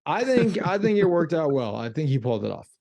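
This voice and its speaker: A man's voice: on the high side, sing-song, fairly quick, vocal fry, warm tone, no echo. A man co-hosting a casual movie podcast, answering in an easygoing way with short, filler-laced replies. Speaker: podcast co-host.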